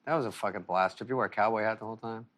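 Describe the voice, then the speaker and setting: A man's voice: on the low side, racing, fairly bright tone. A man talking in a casual, upbeat way and swearing freely. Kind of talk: casual conversation.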